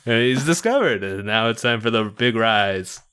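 A man's voice: lowish voice, animated, normal speed, sharp tone, smooth. Laughing man retelling a movie. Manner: laughs often, retells scenes loosely. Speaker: podcast co-host. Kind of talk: casual chat.

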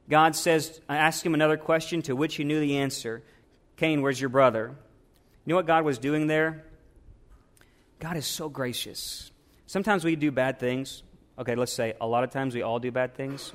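Pastor guy preaching, kinda high voice, goes quiet then builds up loud. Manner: preachy, swings from hushed to emphatic. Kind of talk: sermon.

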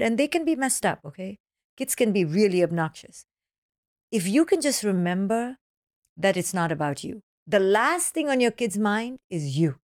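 A woman being interviewed as a parenting author, explaining ideas with acronyms and lively acted-out quotes. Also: mid-range voice, no echo, clean studio sound. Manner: animated, acts out children's voices in quotes. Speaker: parenting author, podcast guest. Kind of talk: podcast interview.

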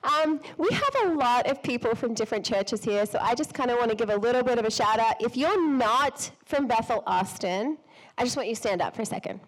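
Woman, event host, slightly hoarse, bubbly, effusive, a bit high voice, stage mic. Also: lively intonation, a little fast, low-quality recording. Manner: bubbly, effusive, laughs often. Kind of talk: enthusiastic welcome speech to a live audience. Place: event hall before an audience.

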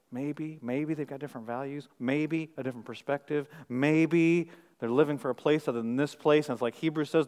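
A middle-aged male pastor with a mid-range voice preaches a sermon, firing off rhetorical questions and swinging from hushed, intimate moments to loud emphasis, all trailed by a long reverb tail.

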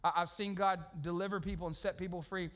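Man, pastor, high voice, lively comic storytelling, slangy, bursts into shouts. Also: fast talker. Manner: animated, humorous, slangy storytelling with shouted outbursts. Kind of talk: storytelling sermon.

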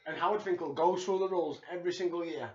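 A man with a Yorkshire accent co-hosting a podcast, talking in an animated, excitable way and swearing freely. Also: sits high, fast. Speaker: podcast co-host. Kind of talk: casual chat. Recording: echoey room, dull lo-fi sound.

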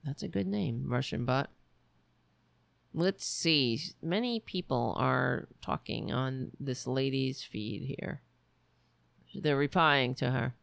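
A livestream host reads out viewer comments at a slow, drawn-out pace, pausing and musing over names. The voice is smooth and resonant with a gravelly edge. It sits close and dry, with no room around it. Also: mid-range voice, fairly bright tone, no echo. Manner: slow, musing, halting as they read comments aloud. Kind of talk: casual livestream chat.

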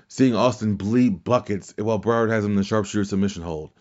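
Hosting a casual wrestling podcast, a man with a lowish, darkish voice talks fast over lo-fi sound. He rambles through his opinions, swears freely, restarts sentences, and mimics quotes.

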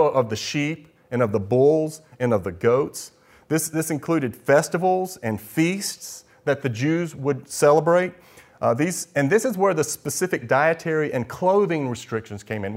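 Guy preaching a sermon, walks thru it step by step, lots of questions to the crowd, restarts a lot. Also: fairly high pitch. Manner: explanatory, asks rhetorical questions, frequent restarts. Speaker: pastor. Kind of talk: sermon teaching.

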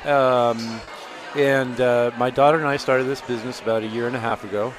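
A man's voice: medium pitch, fairly even intonation, normal speed. A man running a catering business, chatting at an outdoor festival, friendly and rambling with fillers. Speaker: caterer guest. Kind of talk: casual interview. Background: crowd and outdoor noise.

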